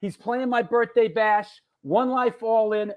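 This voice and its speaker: A man from New York hosting a live show, chatting casually, joking and giving shout-outs to viewers. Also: very high-pitched, steady tone, unhurried, narrow, tinny audio. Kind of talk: casual live-stream chat reading viewer comments.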